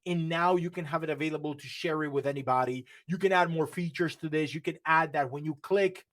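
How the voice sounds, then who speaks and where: A man's voice: fairly high pitch, brisk, a bit bright. Man talking through a coding demo. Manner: explanatory, repeats and restarts phrases. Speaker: workshop instructor. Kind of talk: live coding workshop.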